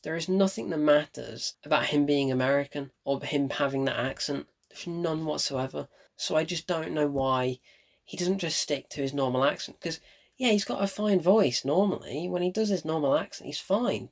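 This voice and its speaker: A man's voice: on the high side, moderate pace, creaky. Blunt man ranting about a film. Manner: blunt, emphatic, repeats points for effect. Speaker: film reviewer. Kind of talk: casual opinionated film review.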